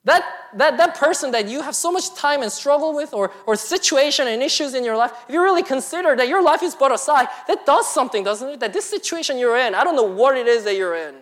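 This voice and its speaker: Young female preacher: earnest sermon voice that moves between quiet reflection and urgent pleading. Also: high voice, lively intonation, fast, few pauses. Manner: earnest, swings between hushed asides and emphatic pleas.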